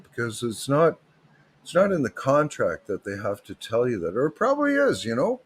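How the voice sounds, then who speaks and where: A man's voice: medium pitch, breathy edge. Rambling man livestreaming. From Canada. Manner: rambling, digressive, joking. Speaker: livestream host.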